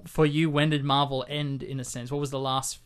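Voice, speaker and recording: A man's voice: medium pitch, little pitch movement, a little fast, smooth. A man hosting a film podcast in casual chat, loose and hedging with many likes. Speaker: podcast host.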